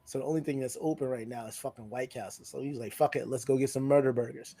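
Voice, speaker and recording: A man's voice: mid-range voice, fairly even intonation, fast, warm tone, husky, no room sound. A man co-hosting a podcast, telling a party story in casual chat, acting out the people he quotes with big jumps in his voice and swearing freely. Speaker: podcast co-host. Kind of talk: casual storytelling among friends.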